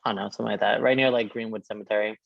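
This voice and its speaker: A drag performer from Brooklyn, chatting in a sassy, slangy way and laughing often. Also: male voice, lowish voice, fairly even intonation, racing, creaky, no room sound, lo-fi sound. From Brooklyn, New York. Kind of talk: casual podcast chat.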